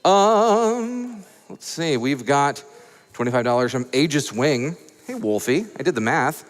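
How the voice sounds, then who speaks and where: A man from Atlanta hosting a live charity gaming event, reading donations with playful, high-energy hype and jokes. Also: animated, a little slow. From Atlanta, USA. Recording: echoey event hall.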